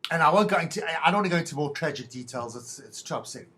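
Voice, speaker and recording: Wry, self-mocking man with lively pitch. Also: racing. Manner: self-mocking, wry, stop-start storytelling. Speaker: podcast host. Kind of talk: rambling solo monologue.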